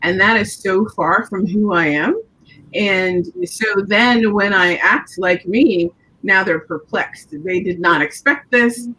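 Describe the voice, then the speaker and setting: An earnest woman talking things through on an online panel, her voice a little husky. She sits at a middle pitch and speaks reflectively. The audio comes through a video call. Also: slow, pushed and bright, rough recording. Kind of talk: casual panel discussion.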